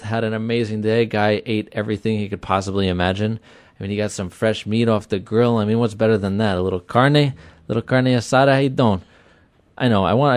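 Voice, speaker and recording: Energetic deep-voiced man hosting sports radio. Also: no echo. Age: 30s. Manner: energetic, chatty, repeats himself for emphasis. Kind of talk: casual sports talk radio monologue. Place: small web radio studio.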